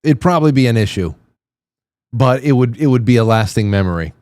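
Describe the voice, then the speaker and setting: Amused host reacting to clips, dry studio sound. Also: male voice, medium pitch, animated, a little fast, a little mellow, clean tone, no echo. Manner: amused and wry. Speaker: show host. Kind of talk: casual commentary on video clips.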